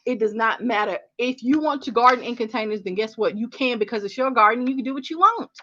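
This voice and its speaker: Woman, gardening livestream host, casual chat, animated, bright forceful voice, slightly dull lo-fi stream audio. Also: on the high side, fast. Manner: animated, chatty, addresses viewers as honey and y'all.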